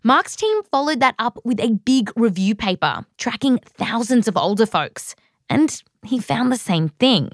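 An Australian woman hosts a science show, her voice jumping all over in pitch as she narrates. She sounds wry and playful. Her voice is recorded close and dry, with no room sound. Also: very animated, a little slow, no echo. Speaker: host. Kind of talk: scripted science narration with interview.

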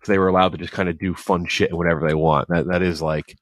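Very low-voiced man, dry close sound. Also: little pitch movement, fast talker, dry recording. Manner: rambling with frequent restarts. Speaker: podcast co-host. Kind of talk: casual movie podcast chat.

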